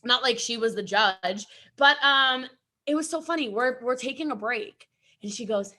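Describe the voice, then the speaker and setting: A woman giving an energetic motivational talk at an event, chatty and rambling, often breaking off to laugh. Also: fairly high pitch, moderate pace. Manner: chatty, rambling, self-interrupting, laughs a lot. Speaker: event speaker.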